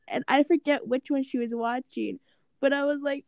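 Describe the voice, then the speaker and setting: A young adult woman co-hosts a podcast in casual chat, telling stories with lots of laughter in a giggly, animated way. Her voice is high with vocal fry at a normal pace, with a little hiss or hum in the audio.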